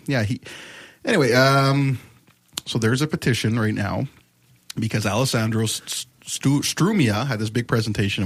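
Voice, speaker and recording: A man's voice: on the low side, vocal fry, dry recording. A man chatting on a podcast panel in a joking, hesitant way, with many restarts. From Canada. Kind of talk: casual chat.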